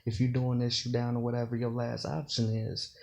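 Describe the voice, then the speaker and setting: A man's voice: mid-range voice, monotone, fairly quick, gravelly, darkish tone. A man giving casual commentary on battle rap, explaining slang and double meanings and often saying "you know". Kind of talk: casual bar breakdown commentary.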